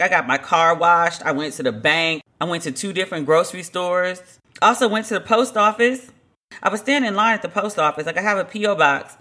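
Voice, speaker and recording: A woman telling a story in a casual monologue, chatty and animated, full of "like" fillers. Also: fairly low pitch. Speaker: podcast host.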